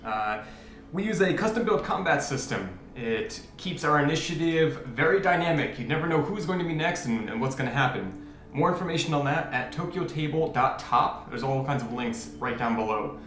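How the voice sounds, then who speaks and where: Lively male dungeon master, roomy sound. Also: a little high, moderate pace. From expat living in Japan. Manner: lively, upbeat, laughs often. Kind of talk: introducing a tabletop game show.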